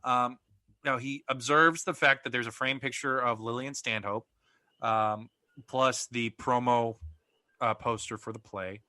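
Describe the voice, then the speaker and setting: A man's voice: mid-range voice, fairly even intonation, unhurried, pushed and bright, dry recording. A man co-hosting a podcast in casual chat, recapping plot at length with plenty of ums and uhs. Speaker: podcast co-host.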